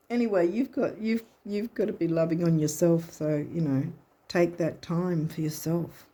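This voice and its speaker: A woman with a low, husky voice gives a casual tarot reading to her viewers. She talks in a chatty, encouraging way and often breaks off mid-phrase to start again. Her tone stays warm and soft rather than bright. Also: steady tone, unhurried. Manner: chatty and encouraging, rambling with frequent restarts. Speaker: tarot and astrology reader.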